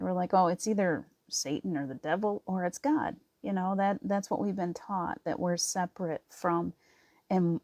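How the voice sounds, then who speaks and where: Middle-aged woman, spiritual livestream talk, earnest, laughing, mellow dark voice, dry close sound. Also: fairly low pitch, creaky, no echo. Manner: earnest, laughs often, speaks in halting restarts. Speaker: spiritual host.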